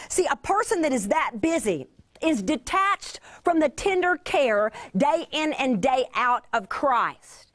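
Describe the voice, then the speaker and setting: A woman delivering a Bible teaching to a mostly female audience, earnest with drawn-out emphasis and playful asides. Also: sits high, sing-song, a bit bright. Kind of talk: sermon.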